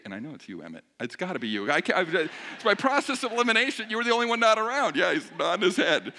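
Middle-aged male pastor, slightly high voice, very expressive, self-mocking storyteller in a sermon. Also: brisk. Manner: animated, self-mocking, joking with the congregation.

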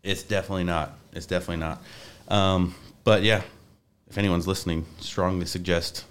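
A man's voice: low voice, fairly even intonation, a little fast. A young man, a podcast guest, talking casually in a rambling way with many restarts. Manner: rambling, restarts often, says like a lot.

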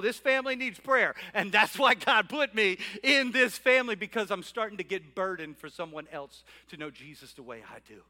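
Pastor, male, higher pitch, animated preaching with hushed asides. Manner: animated, shifting between loud calls and quiet asides. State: out of breath at times. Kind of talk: sermon. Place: church sanctuary.

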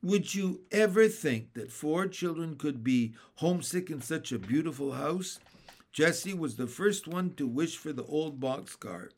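A man reading a children's book aloud in a steady, clear storytelling manner. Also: a little high, unhurried. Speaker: reader.

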